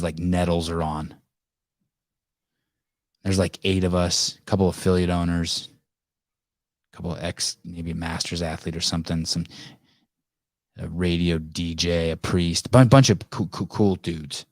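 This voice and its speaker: Low-voiced man rambling on a podcast. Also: level tone, unhurried, long pauses, darkish tone, no room sound, clean studio sound. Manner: rambling, profane, many restarts and fillers. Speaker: podcast host. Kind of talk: casual live call-in chat.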